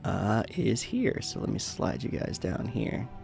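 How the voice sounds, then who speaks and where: A man runs a tabletop game, describing the scene in a loose, rambling way. His voice sits low, and he restarts sentences often. Faint music plays underneath. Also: huge pitch swings, unhurried, gravelly, a little mellow. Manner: rambling narration with many fillers and restarts, laughing. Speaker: game master.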